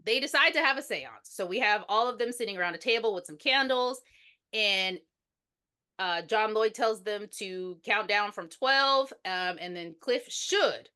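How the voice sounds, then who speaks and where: A woman's voice: mid-range voice, expressive, measured pace, sharp tone. A woman podcast co-host recapping a movie in casual chat, animatedly acting out the characters' lines as she tells the story.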